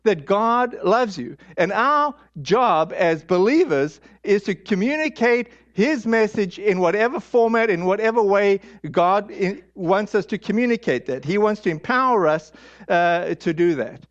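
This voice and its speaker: A man preaching a storytelling sermon, halting and candid, with frequent fillers and restarts. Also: high-pitched, lively intonation, dull audio. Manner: candid, self-deprecating.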